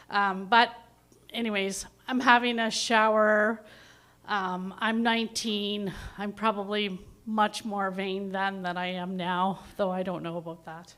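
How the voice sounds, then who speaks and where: A woman in her fifties tells a funny story from her past at a live open mic night. She talks in a chatty, self-deprecating way, with an animated delivery and a voice of middle pitch. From Ontario, Canada.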